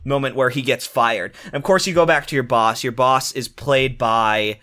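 Man, comedy co-host, loose crude riffing, bright tone. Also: mid-range voice, moderate pace. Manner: rambling, crude, heavy filler words.

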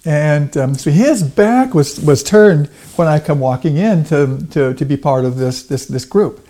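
A middle-aged man talking casually in an interview, halting and repeating words with many fillers. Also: fairly high pitch, lively intonation, dark tone. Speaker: guest, Lincoln portrayer.

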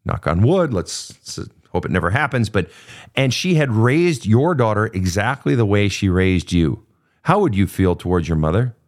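A man's voice: fairly low pitch, very animated, moderate pace. A man coaching a guest through her family history, blunt and profane, pressing her with repeated pointed questions. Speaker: host. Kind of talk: confrontational coaching session.

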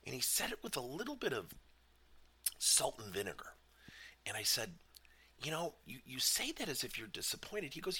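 A man giving a motivational business talk as a leadership coach, emphatic and animated, asking many questions. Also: medium pitch, brisk, husky.

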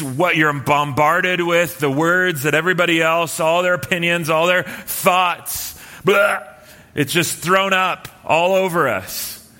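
Pastor guy telling a story in a sermon, bright kinda high voice, big hall echo. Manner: relaxed, anecdotal, many fillers and restarts. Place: church hall with live and online audience.

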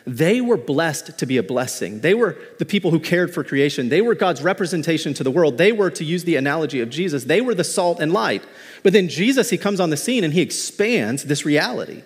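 A man pastor preaching a sermon in a conversational, animated way, mixing in light humor, in a church. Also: on the high side, fairly quick, husky, long reverb tail. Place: church sanctuary.

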